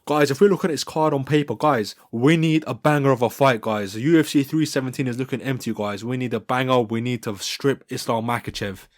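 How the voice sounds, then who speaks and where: A man hosting his own fight-sports video, giving casual fan commentary in an excitable, rambling way full of restarts. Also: mid-range voice, a little fast, hardly any pauses. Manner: excitable and rambling, with many restarts and repeated "guys". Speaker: MMA video host.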